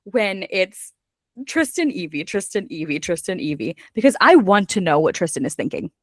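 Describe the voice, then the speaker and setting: Lively, swearing woman recapping a book. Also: fairly low pitch, moderate pace, no echo, clean studio sound. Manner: animated, swears freely, acts out characters' lines. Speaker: book club podcast host. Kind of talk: casual chat recapping a book.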